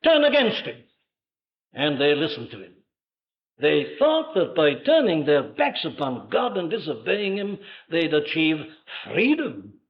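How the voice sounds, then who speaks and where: A man's voice: on the high side, huge pitch swings, a little slow. An older man preaching a sermon with emphatic rhetorical questions and dramatic swells of voice. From Wales. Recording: dull lo-fi archive sermon recording.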